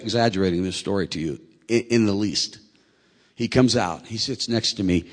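A middle-aged man preaching a sermon, telling a personal story earnestly and emotionally, his voice swelling to loud peaks. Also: on the low side, fairly quick, big-room sound. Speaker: preacher and track coach.

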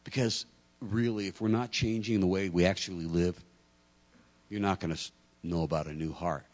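A middle-aged pastor preaching a sermon, acting out lively stories with self-deprecating humor and stammers. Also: male voice, sits low, normal speed. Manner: animated storytelling, acting out dialogue.

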